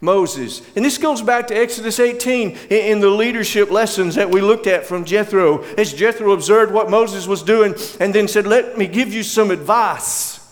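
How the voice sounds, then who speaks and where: A man preaching from the pulpit with a somewhat high voice. His words ring out with a long reverb through the church hall. He slows down and falls to a near hush when he reaches the emotional lines he quotes. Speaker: pastor. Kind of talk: sermon.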